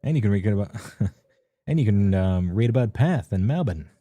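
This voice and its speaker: A man with a deep, very dark and mellow voice talks through game books in a loose, rambling stream. He is offhand and chatty, pausing on ums and laughing at his own asides. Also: animated. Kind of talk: casual rambling commentary.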